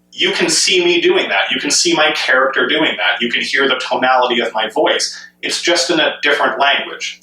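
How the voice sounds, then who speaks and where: A man's voice: medium pitch, sharp tone. A man giving an enthusiastic solo commentary on gaming, asking many rhetorical questions as he goes. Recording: echoey room, mic at a distance.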